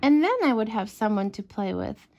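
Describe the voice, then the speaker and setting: Storybook bear cub, small and eager, high excited cries, read by a woman. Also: moderate pace. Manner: excited, high-pitched exclamations.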